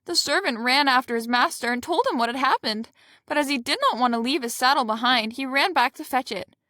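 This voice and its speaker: A woman reading a fairy tale aloud in a steady, plain storybook way. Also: high voice, fairly quick, dry recording, clean studio sound.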